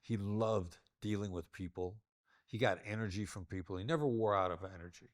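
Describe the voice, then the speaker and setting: Low-voiced man demonstrating tone. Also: brisk, dry recording, clean studio sound. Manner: demonstrative, varies tone to illustrate points. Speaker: negotiation expert guest. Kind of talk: interview conversation.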